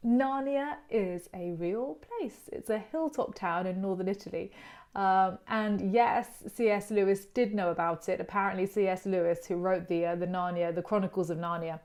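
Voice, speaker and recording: A woman hosting a relaxed educational chat. Her voice sits at an ordinary middle pitch, and she talks in a friendly, rambling way, often drifting into little anecdotes before returning to her point. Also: normal speed. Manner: chatty and digressive, telling stories on herself. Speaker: host of an online art channel's chat series.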